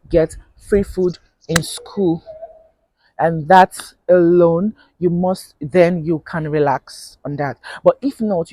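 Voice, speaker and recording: A woman's voice: fairly low pitch, mellow, breathy edge, dry recording, low-quality recording. Nigerian woman, chatty vlog advice, laughs a lot, dry close sound. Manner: chatty, laughs often, repeats points for emphasis. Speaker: vlogger.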